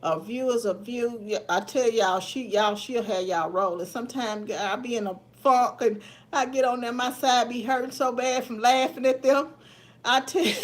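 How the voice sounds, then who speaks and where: A woman's voice: on the high side, normal speed. A middle-aged woman hosting a casual livestream, chatting folksily with viewers and laughing often. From Memphis area, USA. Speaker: livestream host. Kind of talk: casual live chat with viewers.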